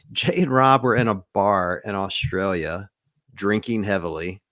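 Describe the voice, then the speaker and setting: A man co-hosting a podcast, telling relaxed, rambling stories in casual chat, full of fillers. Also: deep voice, measured pace, no room sound, clean studio sound. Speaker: podcast co-host.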